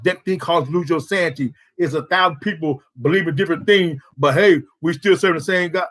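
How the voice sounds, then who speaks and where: A man's voice: high voice, a bit bright. A man preaching a sermon at a prayer service, emphatic and full of rhetorical questions.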